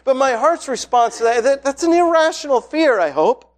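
High-voiced man preaching conversationally. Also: moderate pace. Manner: conversational, storytelling with rising excitement. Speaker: pastor. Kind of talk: sermon. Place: church hall with congregation.

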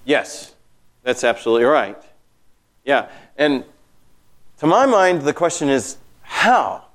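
A man teaching a Bible study class, talking in an animated, emphatic way with many fillers. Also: mid-range voice, slow.

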